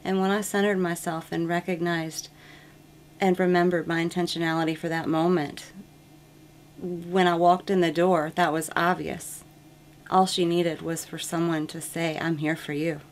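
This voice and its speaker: A woman's voice: fairly low pitch, little pitch movement, moderate pace. A woman nurse telling an earnest, reflective story about her work, with frequent ums. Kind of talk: testimonial interview.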